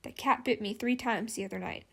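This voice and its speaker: A woman's voice: a little high, fairly quick, vocal fry, slightly rough. A woman reading the part of a bold, sardonic young man who teases those around him. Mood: teasing. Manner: teasing, wry.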